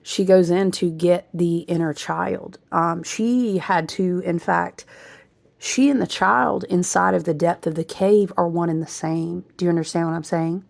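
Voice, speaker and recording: Woman, low and creaky, rambling intuitive astrology reader. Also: fairly even intonation, unhurried. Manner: rambling, intuitive, with laughs and asides. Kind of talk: spiritual astrology talk.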